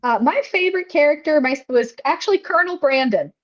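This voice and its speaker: A woman's voice: high voice, expressive, a little fast, dull audio. A woman co-hosting a film podcast, chatting casually with many fillers and restarts. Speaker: podcast co-host. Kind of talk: casual chat recapping a film.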